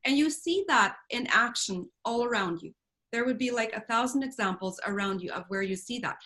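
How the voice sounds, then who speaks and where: A woman's voice: mid-range voice, a bit bright. A woman telling an emotional story to a group in an earnest, talkative way, with many fillers. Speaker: speaker at a team retreat.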